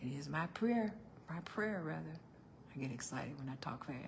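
An older woman preaching a sermon as pastor, calling out to her congregation and swinging between loud outbursts and hushed tones. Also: low voice, lively intonation, moderate pace, creaky, slight background noise. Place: church.

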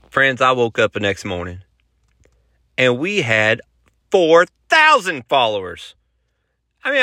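A man's voice: medium pitch, pushed and bright, dry recording, studio quality. A man with a Southern US accent, hosting a podcast and telling a joking, folksy tall tale in a casual storytelling style. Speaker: podcast host, country musician.

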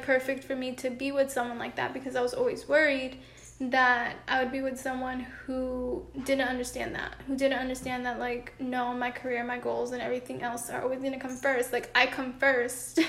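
A woman's voice: sits high, monotone, normal speed, fairly bright tone, roomy sound. A woman co-hosting a podcast, chatting earnestly about relationships in long flowing sentences, at home with her cat. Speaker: podcast co-host.

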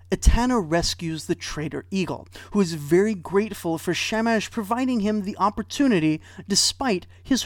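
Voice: medium pitch, dry recording. A storyteller retelling an old myth with wry asides and dry humor.

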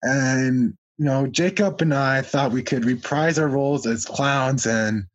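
A man's voice: mid-range voice, a little slow, muffled recording. A young man hosting a casual podcast, rambling with constant filler words. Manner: rambling, full of "you know" fillers. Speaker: podcast host. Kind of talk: casual chat.

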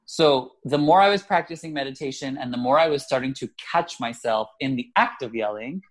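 Male co-host, mid-pitched, relaxed chat, reflective and chatty, quick to laugh at himself. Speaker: podcast co-host. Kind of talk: casual podcast chat.

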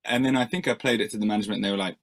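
A man's voice: lowish voice, fairly even intonation, racing, gravelly. A male musician answering interview questions in a rambling, self-deprecating way, with many fillers and restarts.

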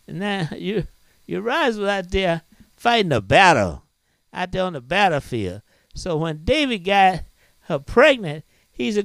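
Preacher man, amen-heavy sermon, dry close sound, very animated. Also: high-pitched, unhurried, vocal fry, dry recording. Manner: preaching with frequent amens and hallelujahs; dramatic retelling with rising cries. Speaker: pastor.

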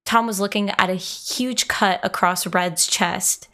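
A woman's voice: mid-range voice, unhurried. A young woman hosting and reading a fan story aloud to friends, laughing often between passages. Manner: giggly, animated reader. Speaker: host.

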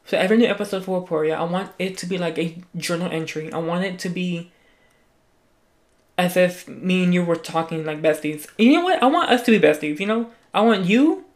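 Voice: mid-range voice, a little fast. A young adult hosting a solo podcast into a mic, chatting casually, rambling with lots of restarts and constant swearing. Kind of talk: casual chat. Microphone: talking into a mic.

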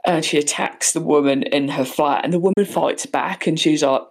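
A young woman in casual chat, retelling a film with lively quoted voices and frequent laughter. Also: low voice, normal speed, vocal fry, husky.

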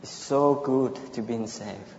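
A man from Thailand with a Thai accent, giving a personal testimony in halting, simple phrases with short repeated sentences. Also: mid-range voice, a little mellow. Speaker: church member giving testimony. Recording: echoey hall, dull lo-fi sound, faint background noise.

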